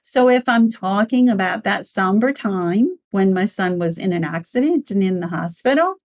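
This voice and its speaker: Woman coaching on public speaking. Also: moderate pace. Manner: clear, emphatic, with lively shifts in pitch. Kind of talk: instructional talk on speechwriting.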